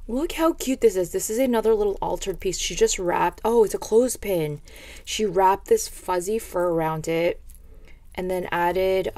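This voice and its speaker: A woman's voice: lowish voice, no room sound. Gushing woman unboxing craft mail. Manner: gushing, excitable, rambling. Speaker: craft video host. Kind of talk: casual unboxing chat.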